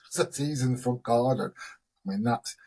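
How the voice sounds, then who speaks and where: Husky rambling man. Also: medium pitch, darkish tone. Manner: rambling, chatty storyteller, quick to laugh. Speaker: host. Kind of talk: casual chat.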